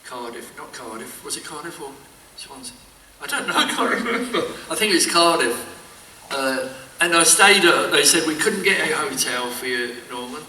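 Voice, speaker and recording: A man's voice: medium pitch, normal speed, hardly any pauses, bright, forceful tone, a little hiss or hum. An older man chatting as a convention panel guest, telling rambling anecdotes full of false starts, recorded at a distance in an echoey hall. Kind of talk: casual panel chat.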